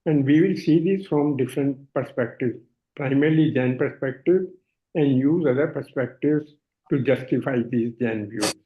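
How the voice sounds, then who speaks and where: An older man with an Indian accent giving a measured, explanatory online lecture, often pausing on fillers. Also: medium pitch. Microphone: video call. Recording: phone-like narrow band audio.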